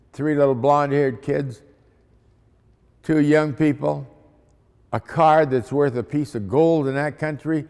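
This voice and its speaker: A man's voice: mid-range voice, darkish tone, clear, resonant tone. A man, a missionary, telling a testimony story in a folksy, dramatic way. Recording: long hall reverb.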